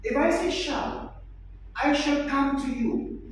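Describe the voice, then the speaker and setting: A male English teacher giving a classroom lesson, speaking loudly and emphatically, repeating points and pressing students to answer. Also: very high-pitched, takes it slowly, a little hiss or hum. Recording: far-off echoey classroom recording.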